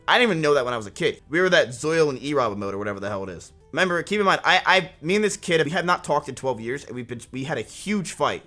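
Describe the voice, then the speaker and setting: A man's voice: on the high side, bright, forceful tone. A man in his twenties casually telling a rambling story to his stream chat, swearing often. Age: 20s.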